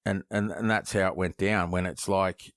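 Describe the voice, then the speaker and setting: An Australian man with a deep voice, a guest knifemaker on a casual podcast interview, tells stories at normal speed in clean studio sound with no room echo. He's a lively storyteller who swears freely and acts out quoted voices, with many false starts and repeated words.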